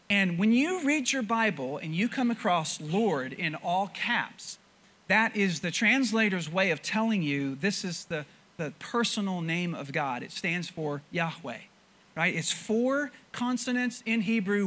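A preacher giving a sermon to a congregation, asking them questions and often repeating words as thoughts restart. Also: mid-range voice. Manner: animated, stammering restarts, rhetorical questions to the congregation. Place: church before a congregation.

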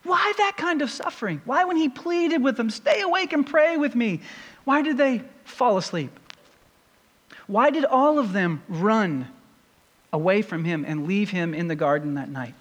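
Preacher, male, very high and animated voice, repeated rhetorical questions, long hall reverb. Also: a little slow. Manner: rhetorical questions, building intensity. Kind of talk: sermon.

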